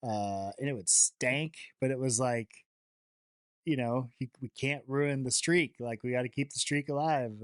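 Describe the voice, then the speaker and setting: A man's voice: medium pitch, no echo, clean studio sound. A man hosting a podcast, bantering casually and laughing easily. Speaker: podcast host.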